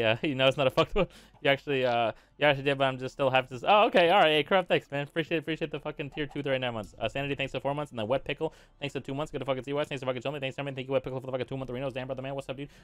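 A man's voice: mid-range voice, fairly even intonation, smooth, dry recording. A young adult man streaming a game live, rattling off profane thank-yous to subscribers in a casual chat style. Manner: profane, rapid shout-outs to subscribers.

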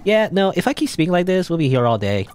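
A man's voice: high voice, big pitch swings, quick pace, darkish tone, clear, resonant tone, voice pushed up. A man voicing a smug, chatty male guardian angel in a game, breezy and teasing. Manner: breezy, teasing, self-satisfied.

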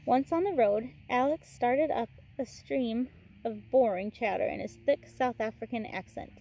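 A woman teacher reads a novel aloud in a relaxed way. Her voice is mellow and sits a little high. Now and then she breaks off for chatty asides to her listeners. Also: normal speed.

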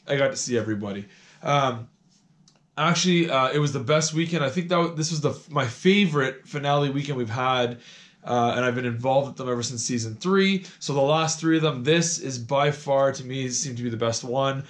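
A hoarse man from Canada in his thirties, chatting casually through a reality-show recap vlog with lots of fillers and repeated words. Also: mid-range voice, a little fast.

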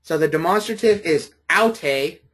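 A man's voice: a little high, animated, a little slow, fairly bright tone, slightly rough. A man lecturing a college class, patient and friendly, often checking in with his students.

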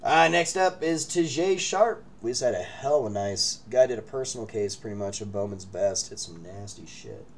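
Male card-break host, animated, bantering, faint background hum. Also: lowish voice, moderate pace, hardly any pauses. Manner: hyped, joking banter with viewers. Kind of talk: live card-break streaming chat. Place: break room indoors.

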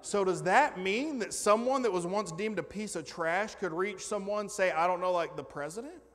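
Fired-up pastor preaching in a reverberant church. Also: male voice, high voice, normal speed. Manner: preachy, swings from loud excited bragging to quiet joking asides. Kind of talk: energetic sermon. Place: church sanctuary.

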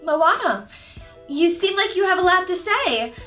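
A woman's voice: very high-pitched, sing-song, a little slow, a bit bright, soft background music, heavily acted. Woman doing a snide villainess in disguise. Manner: snide, bossy, sugary when covering up. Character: scheming evil fairy woman disguised as a young queen. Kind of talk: comedy sketch acting.

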